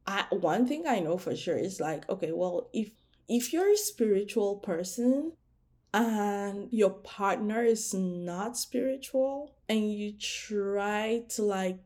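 Mellow-voiced young woman chatting casually. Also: mid-range voice, lively intonation, slow pace. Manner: chatty, frequent "like" fillers, laughs easily. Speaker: podcast host. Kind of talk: casual solo podcast chat.

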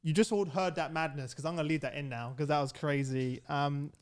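A young man hosting a casual podcast chat in an office, excitable and quick to laugh, often restarting his sentences. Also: on the high side, clear, resonant tone. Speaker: podcast host. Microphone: podcast microphone in an office.

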